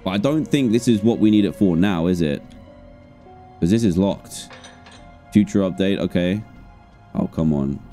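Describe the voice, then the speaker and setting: Casting: man, gaming streamer, low mellow voice, jokey and jittery, faint music under. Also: moderate pace, long pauses. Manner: jokey, jumpy, talks to himself. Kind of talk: live gameplay commentary.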